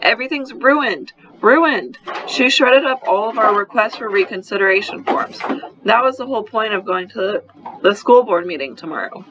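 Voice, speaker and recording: A man voicing a furious young girl who yells in a high, strained voice, heard on a slightly muffled recording. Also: lively intonation, normal speed, noisy background.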